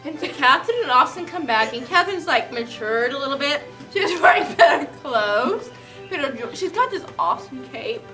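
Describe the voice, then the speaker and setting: Giggly high-voiced woman retelling a story. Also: normal speed, loud music behind the voice. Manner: giggly, chatty and animated. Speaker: comedic storyteller. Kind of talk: casual retelling of a play.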